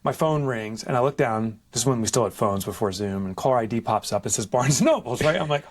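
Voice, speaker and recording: A man's voice: medium pitch, fast talker. A man, a podcast guest telling a story with lots of life and acting out the people in it. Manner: lively, acts out other people in quoted voices. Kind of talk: animated storytelling in conversation. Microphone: podcast microphone.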